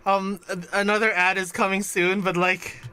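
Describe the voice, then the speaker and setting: A woman streaming a game playthrough who talks to her chat, excitable and casually swearing. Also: medium pitch, moderate pace, clear, resonant tone. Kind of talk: live game playthrough commentary.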